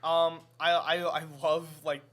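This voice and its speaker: A young man with a fairly high-pitched voice chats casually as a podcast host. He rambles, pokes fun at himself and laughs between thoughts. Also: flat delivery, a little slow, fairly bright tone. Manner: rambling, self-deprecating, laughs often. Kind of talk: casual chat.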